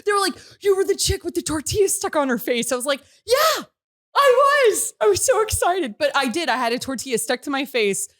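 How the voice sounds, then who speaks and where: A woman hosting a studio podcast, telling a story with laughter and loud shouted quotes. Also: sits high, expressive, quick pace, few pauses. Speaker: show host. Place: radio studio.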